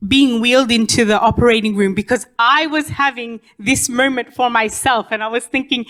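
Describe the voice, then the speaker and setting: A woman's voice: on the high side, normal speed, a bit bright. A young adult woman giving a personal testimony in church, telling her story with many fillers and restarts.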